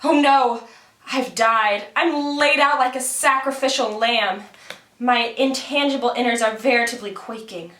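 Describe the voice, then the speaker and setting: A woman's voice: a little high, a little slow. Woman putting on an indignant puppet man. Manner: loud, exclaiming, accusing. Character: angry shadow-puppet man, indignant, aggrieved. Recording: roomy home room.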